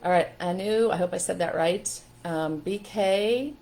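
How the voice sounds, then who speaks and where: A woman's voice: on the low side, measured pace, poor audio. Earnest middle-aged woman parenting coach. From Pennsylvania, USA. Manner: chatty, earnest, greets viewers warmly. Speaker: parenting coach hosting a live stream. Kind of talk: casual live-stream talk.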